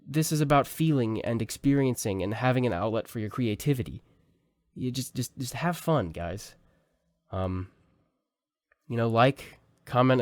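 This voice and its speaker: A man's voice: medium pitch, clean tone, no room sound. A young man casually teaching voice acting at home, rambling with fillers and restarts into a close mic. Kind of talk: casual tutorial talk. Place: small home room.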